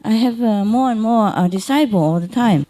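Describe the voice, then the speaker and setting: A woman giving an informal spiritual talk to her followers, gentle and consoling, chuckling often, in non-native English. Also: fairly high pitch, moderate pace. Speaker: spiritual teacher.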